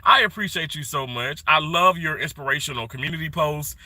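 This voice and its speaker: A middle-aged man talks to his viewers on a live stream from his phone, greeting each by name. His voice sits a little high and rings very bright. The sound is dry and close, with no room around it. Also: fairly quick, no echo. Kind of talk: casual live stream chat. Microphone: phone held vertically.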